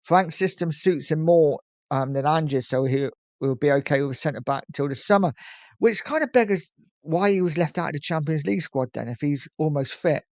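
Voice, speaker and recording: A man's voice: fairly high pitch, normal speed, darkish tone, no echo. A middle-aged English man with a slight lisp, hosting a casual football live stream and chatting through viewer comments. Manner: chatty, friendly, urges viewers to like and subscribe.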